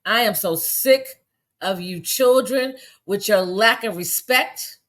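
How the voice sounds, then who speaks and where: Speaking slowly in a mid-range voice, a woman commentator launches into a furious, cursing livestream rant full of rhetorical questions. She's recorded through a phone.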